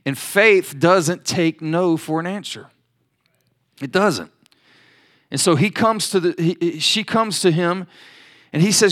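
A man's voice: sits high, slow pace, long pauses, fairly bright tone. A man preaching a sermon, building to emphatic declarations and acting out pleas in prayer. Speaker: pastor.

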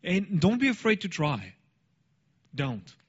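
A man casually telling a personal story in an animated way, laughing now and then. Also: sits high, takes it slowly, slightly rough, dull audio. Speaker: speaker sharing a story.

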